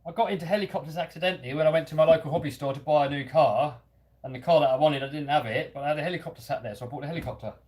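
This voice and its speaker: Racing along in a slightly high, somewhat mellow voice, this man hosts a live stream for a hobby channel. He's English, his London-area accent is lightly Cockney, and he handles viewer comments in a relaxed, self-deprecating manner.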